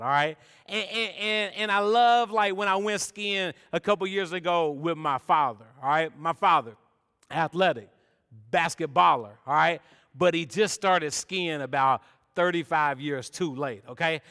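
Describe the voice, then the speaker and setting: A young man preaching a sermon, chatty and energetic, tossing in "man" and "all right?" as he tells stories. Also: sits high, clear, resonant tone. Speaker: pastor. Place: church sanctuary. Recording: long reverb of a church hall.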